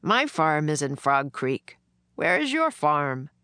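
Stern army captain guy, gruff and low done by a woman reading a storybook. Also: sing-song, takes it slowly, bright, forceful tone, no room sound, full character voice. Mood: commanding. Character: stern kindly adult male soldier captain.

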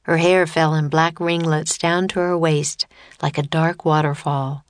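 Low-voiced woman reading a storybook. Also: level tone, measured pace, dry recording. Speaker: audiobook narrator. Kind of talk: scripted storybook narration.

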